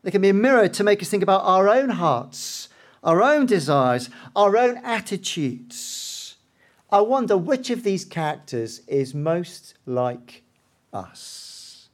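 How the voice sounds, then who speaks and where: Slow, higher-voiced male preacher. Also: big pitch swings. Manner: dramatic storytelling, swings from hushed to loud. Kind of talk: sermon.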